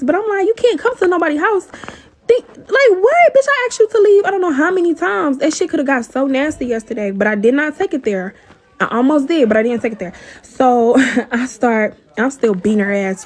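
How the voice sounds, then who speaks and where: A woman telling a personal story in a casual, animated way, cursing often and addressing listeners as y'all. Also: a little high. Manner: animated, profane, talks to viewers as y'all.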